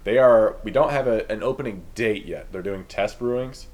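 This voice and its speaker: A man's voice: on the low side, moderate pace, a little mellow. A man co-hosting a casual podcast chat, joking and laughing easily. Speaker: podcast co-host. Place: Chicago area.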